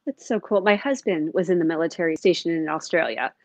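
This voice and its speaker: A woman's voice: fairly low pitch, fairly quick, darkish tone, no room sound. A woman hosting a podcast, chatting casually and teasing her guests. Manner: playful and teasing. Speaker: podcast host. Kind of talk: casual interview chat. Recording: slightly dull, lo-fi sound.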